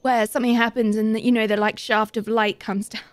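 A woman with a high, bright voice chats through a live game stream, bursting into excited giggles and squeals. Her voice is recorded close and dry on a desk mic, with no room echo. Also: brisk. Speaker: Twitch streamer.

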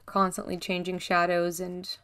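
A woman giving deadpan, darkly joking commentary while she plays a video game and reads its text aloud. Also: fairly low pitch, moderate pace, clean tone. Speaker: gaming video creator. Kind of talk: let's play commentary.

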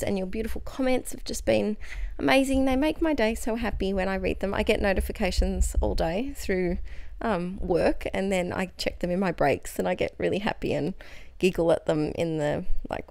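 A woman's voice: mid-range voice, moderate pace, vocal fry, few pauses, a little mellow, no room sound, studio quality. A young adult woman teacher chatting through her scrapbooking project as a casual craft voice-over, bubbly and enthusiastic.

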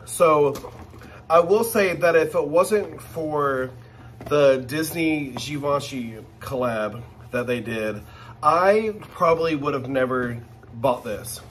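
A man hosting a casual unboxing vlog, gushing and excitable as he talks straight to his viewers. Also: a little high, slow, slight background noise. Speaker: channel host.

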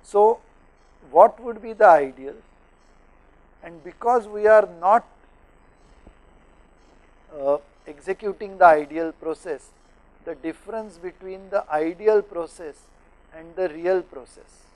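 A middle-aged man from India explaining thermodynamics to teachers in a lecture studio, pausing often with fillers as he works through examples. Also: sits high, darkish tone, low-quality recording.

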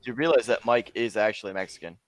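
A man's voice: on the low side, quick pace, noisy background. A man playing a tabletop game over a call, chatting casually. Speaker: player. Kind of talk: casual chat.

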